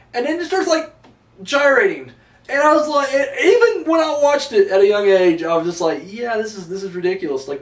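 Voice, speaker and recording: A high-voiced man rambling through a casual video review, sarcastic and foul-mouthed. He sits a bit away from the mic in an echoey room. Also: recorded from a distance. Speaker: wrestling reviewer.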